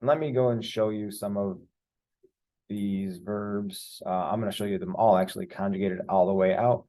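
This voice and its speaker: Low, mellow male Spanish teacher. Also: steady tone, moderate pace. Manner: patient, explains step by step with fillers. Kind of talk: screen-share grammar lesson.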